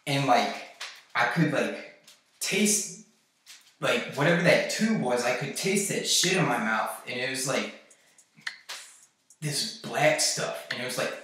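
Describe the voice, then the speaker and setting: Slow, rambling man in an echoey room. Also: medium pitch, expressive, pushed and bright, slight background noise. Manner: halting, filler-heavy, profane. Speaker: vlogger recounting a trip. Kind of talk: rambling personal account. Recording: very echoey, distant mic, music behind.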